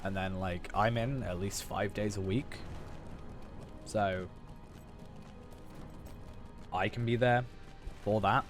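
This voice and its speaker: A young man streaming a game, chatting casually in a rambling way full of fillers and restarts, a bit hoarse. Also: lowish voice, fairly even intonation, slow pace, pauses often, soft background music. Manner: rambling, filler-heavy, self-correcting. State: hoarse after losing his voice. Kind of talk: casual chat while gaming.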